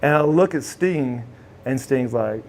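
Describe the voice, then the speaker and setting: A man from Oklahoma telling a casual story as a guest, animated and acting out what others said. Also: medium pitch, unhurried, slight background noise. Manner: animated storyteller who acts out the voices of others. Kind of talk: casual anecdote.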